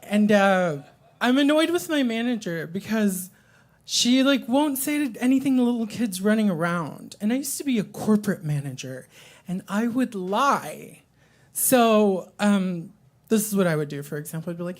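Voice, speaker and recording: A woman's voice: medium pitch, lively intonation, moderate pace, a little mellow. A woman doing a stand-up comedy set at a coffee shop open mic, crude and rambling, with lots of "um" and "like".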